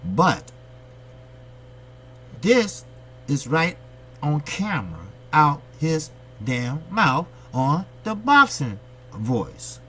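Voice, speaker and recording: A man's voice: a little high, big pitch swings, extremely slow, pauses often, fairly bright tone. A man from the United States hosting his boxing channel, giving a blunt, profane, opinionated monologue and firing rhetorical questions at his viewers. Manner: blunt, profane, ranting delivery.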